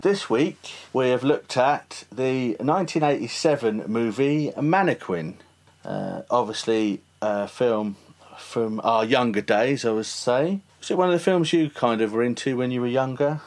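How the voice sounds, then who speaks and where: A man's voice: mid-range voice, a little slow, darkish tone, faint music behind. A man hosting a casual film podcast, chatty and laughing often. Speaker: podcast host.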